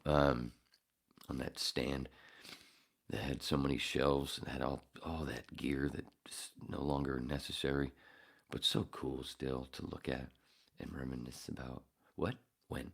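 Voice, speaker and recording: Male podcast host, husky low voice, profane rambling monologue. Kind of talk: casual monologue.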